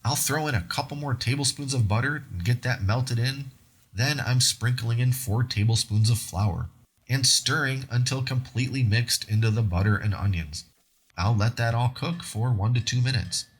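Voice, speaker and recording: A man's voice: medium pitch, fairly bright tone, breathy edge. A man hosting a cooking video, narrating recipe steps in an upbeat, conversational way. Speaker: cooking show host.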